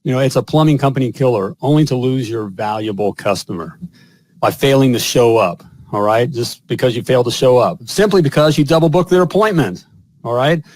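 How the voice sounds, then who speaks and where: Plumbing show host guy, pumped salesy pitch, keeps saying all right, dry close mic. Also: expressive, brisk, a little mellow, dry recording. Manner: upbeat salesy patter, repeats "all right?" often. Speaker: podcast host and plumbing business coach. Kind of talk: casual live-stream chat and ad read.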